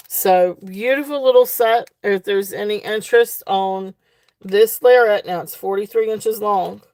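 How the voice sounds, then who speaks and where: A woman's voice: medium pitch, a little mellow, dry recording. A woman hosting a live jewelry sale, talking casually and gushing over each piece, repeating her praise with plenty of ums and restarts. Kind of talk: casual live-stream selling.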